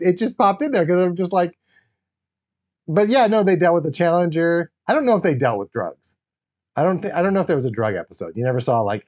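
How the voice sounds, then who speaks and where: A man hosting a casual livestream, chatting in a rambling, excitable way and laughing often while he builds a toy set. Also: fairly high pitch. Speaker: livestream host.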